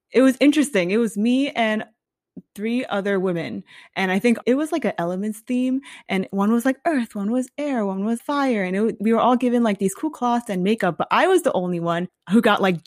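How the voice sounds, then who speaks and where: A woman's voice: mid-range voice, no echo. Woman, young, american, podcast co-host, blunt storyteller, dry close sound. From United States. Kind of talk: casual podcast chat.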